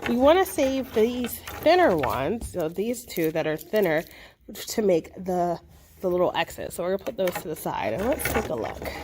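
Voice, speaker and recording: A woman's voice: fairly low pitch, very animated, moderate pace, noisy background. A young adult woman, a librarian, chatting and encouraging as she walks through a simple craft for kids. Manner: chatty and encouraging, with many fillers. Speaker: children's librarian hosting a craft video. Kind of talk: casual craft tutorial.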